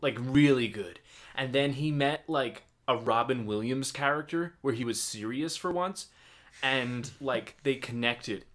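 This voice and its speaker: Man, podcast co-host, bright tone, profane rants, casual chat. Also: mid-range voice, unhurried. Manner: loose and profane, joking rants.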